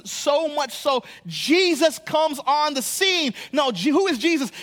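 A man preaching a sermon as a pastor, his voice sitting unusually high for a man. He talks in animated bursts, stumbling over repeated words as he restarts, then slows right down to lean on key phrases.

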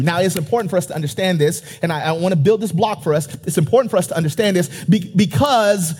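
A male pastor preaching to his congregation in a church. His voice sits high and has a husky edge. He presses his points with emphasis and calls out for the crowd to answer. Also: fast, few pauses, a little mellow. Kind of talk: sermon.

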